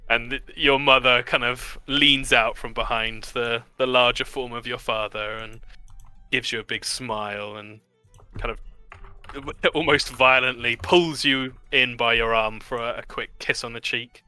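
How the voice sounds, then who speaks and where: A man's voice: medium pitch, fairly even intonation, unhurried, pushed and bright, clean tone, soft background music. A man narrating a tabletop game as game master, telling the story loosely with many fillers.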